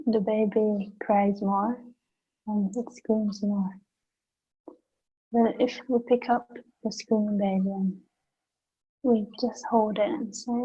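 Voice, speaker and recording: A woman facilitating a gentle guided session, speaking softly and soothingly with simple images. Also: medium pitch, level tone, breathy edge, highs cut off. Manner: soft, slow and soothing, with imagery. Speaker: energy work facilitator.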